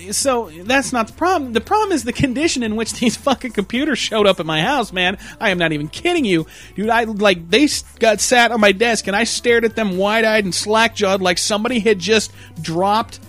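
High-voiced man ranting and swearing. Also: a bit bright. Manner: crude, exasperated, swears a lot, laughs mid-sentence; mocks customers in a shrill put-on voice. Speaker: computer repair guy ranting. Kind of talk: profane comic rant.

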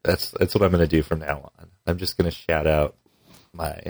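A man's voice: extremely low pitch, level tone, moderate pace, creaky, a little mellow, slight background noise. A man co-hosting a podcast, chatting casually and throwing in dry quips and short agreements. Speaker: podcast co-host. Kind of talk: casual comic book chat.

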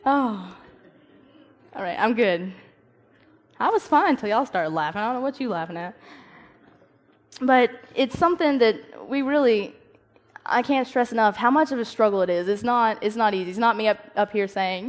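A young woman gives a casual devotional talk to a youth group. She is animated, acts out quoted voices, and laughs at herself. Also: a little high, normal speed, long pauses.

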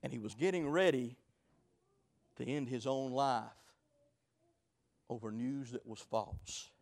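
A man preaching a sermon, telling stories dramatically, swinging between shouting and low murmurs. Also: slow, vocal fry.

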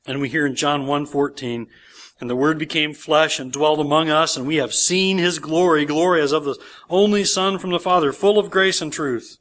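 A man's voice: on the high side, moderate pace, fairly bright tone. A man, a pastor, preaching a sermon in church, reading scripture aloud with emphasis and explaining it verse by verse.

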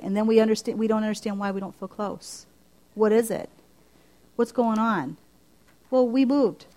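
A middle-aged woman preaching a sermon in a conversational way, asking her listeners one question after another and jumping up in pitch as she acts out her own prayers. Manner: lively, climbing high when acting out her own prayers.

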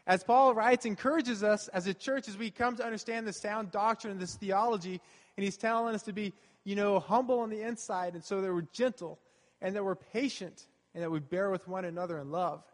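A man's voice: high-pitched, a little fast. A pastor giving a sermon, earnest and conversational, who repeats his key phrases. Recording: long hall reverb.

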